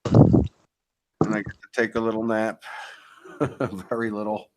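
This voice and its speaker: Relaxed male guest, slightly low pitch, agreeable casual delivery. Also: measured pace. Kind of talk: casual online chat.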